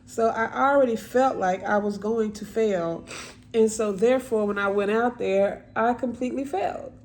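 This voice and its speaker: A woman telling a painful personal story in a repetitive, emotional, halting monologue. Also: on the high side, a little mellow.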